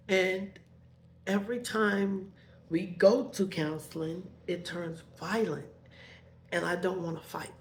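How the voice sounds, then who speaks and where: A middle-aged woman telling a painful personal story, halting and repeating her words as her emotions rise. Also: deep voice, fairly even intonation, a little hiss or hum.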